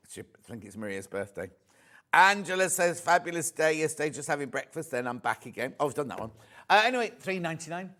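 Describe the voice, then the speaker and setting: A man's voice: fairly high pitch, very animated, fairly quick, sharp tone. A middle-aged man presenting live on a shopping channel, chatting and reading out viewer messages.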